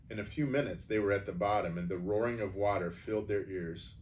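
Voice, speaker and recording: A man's voice: lowish voice, fairly quick, hardly any pauses, far from the mic, a little hiss or hum. Man reading a storybook aloud. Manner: expressive, shifting voices for characters. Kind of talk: reading a children's novel aloud.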